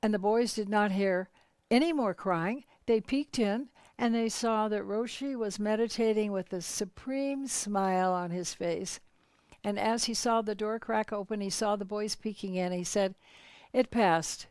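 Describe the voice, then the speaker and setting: A woman leading a spiritual workshop, telling teaching stories in a calm, measured, unhurried way. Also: medium pitch, smooth, dry recording. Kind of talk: teaching storytelling.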